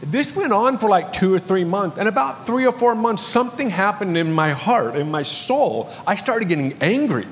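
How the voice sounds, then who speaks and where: Male pastor with a high voice, joking his way through a sermon story in a big echoing church. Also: expressive, normal speed, hardly any pauses, a little hiss or hum. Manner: storytelling with light humor. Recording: long reverb of a large hall.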